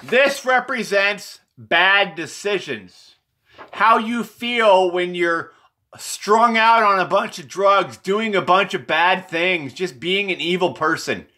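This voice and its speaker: Man, unscripted presenter, meandering and repetitive; bright, fairly high voice. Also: slow pace. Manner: meandering, repetitive, self-correcting. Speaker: presenter explaining his drawings. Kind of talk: rambling, unscripted explanation.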